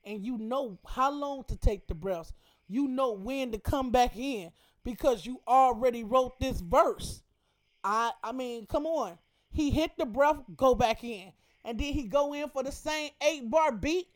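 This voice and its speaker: A woman's voice: sits high, unhurried. A woman hosting a radio show, breaking down a rap verse in emphatic, profane casual commentary full of rhetorical questions.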